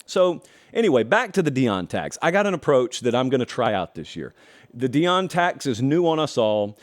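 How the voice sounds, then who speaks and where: A man's voice: medium pitch, big pitch swings. Folksy middle-aged male sports host. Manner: folksy, drawn-out emphasis, wry asides. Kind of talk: opinionated sports commentary.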